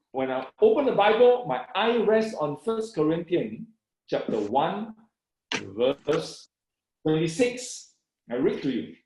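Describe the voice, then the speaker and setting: Animated Malaysian man telling his testimony. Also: high voice, roomy sound, low-quality recording. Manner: excited, repeats "I said" and "you know", reads scripture with slow emphasis. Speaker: guest sharing his testimony.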